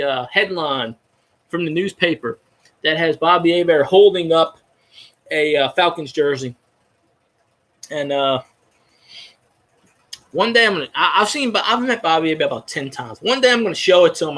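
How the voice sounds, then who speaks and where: A profane, excitable man in his thirties from Louisiana, ranting as a fan podcast host in casual chat. His voice sits a little high and sounds bright and forceful. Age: 30s.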